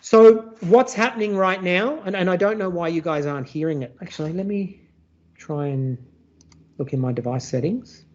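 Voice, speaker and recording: A teacher walks an online class through a software demo in a chatty way and keeps asking "all right?". The voice comes over a computer mic on a video call. The sound is muffled and lo-fi. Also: medium pitch, moderate pace, a little hiss or hum. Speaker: teacher presenting a workshop. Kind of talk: live online tech demonstration.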